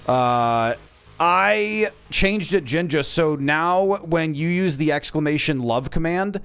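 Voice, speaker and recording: A male streamer talks with his viewers in a playful, teasing way, throwing out mock insults as he plays. His fairly high voice swings widely and animatedly between bursts and quieter asides. Faint music plays behind him. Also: animated, slow pace, smooth. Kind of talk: casual live-stream chat with viewers.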